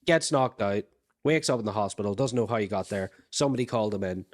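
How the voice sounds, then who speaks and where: A man's voice: fairly low pitch, fast, a little mellow. A man co-hosting a podcast, agreeable and thinking aloud with plenty of fillers in casual brainstorming. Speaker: podcast co-host.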